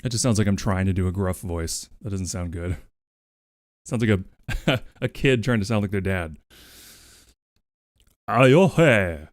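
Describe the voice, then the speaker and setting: A man's voice: deep voice, moderate pace, a little mellow, no echo, studio quality. A man streaming from home, chatting casually with his viewers, playful and crude, and he often sings along to music. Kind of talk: casual live-stream chat.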